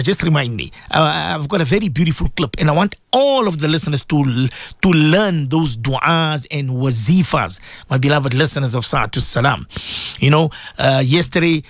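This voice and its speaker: A man's voice: on the high side, dry recording, clean studio sound. A man, preaching on the radio and repeatedly appealing to his listeners with rhetorical questions. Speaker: radio presenter and Islamic preacher. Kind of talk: radio sermon talk.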